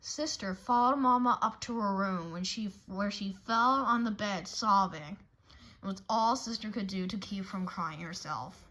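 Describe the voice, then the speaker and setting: A woman reading a children's storybook aloud, animated and expressive, with a few small slips. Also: mid-range voice, unhurried, slight background noise, low-quality recording. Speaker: narrator.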